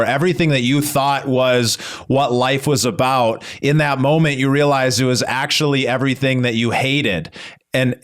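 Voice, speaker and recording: A man's voice: mid-range voice, a bit bright. A man hosting a podcast who responds to his guest in an earnest, reflective, empathetic way. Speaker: podcast host. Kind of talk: interview reflection.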